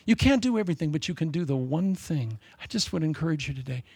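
Older man, sermon, folksy and humorous, gravelly higher voice, dry sound. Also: expressive, fast, no room sound. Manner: folksy, humorous, swings from loud to soft. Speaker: preacher.

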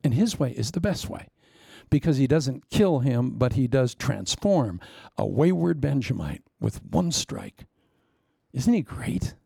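A man preaching a sermon, blunt and teasing, swinging between sudden loud bursts and hushed, near-whispered asides. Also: mid-range voice, very animated, a little slow, vocal fry, slightly rough, no echo, clean studio sound. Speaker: pastor.

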